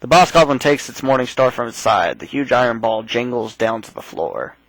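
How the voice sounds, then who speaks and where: A man's voice: mid-range voice, lively intonation, normal speed, fairly bright tone, no echo, rough recording. A man hosting a let's play, casually reading a text game aloud and adding his own asides. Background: faint game music.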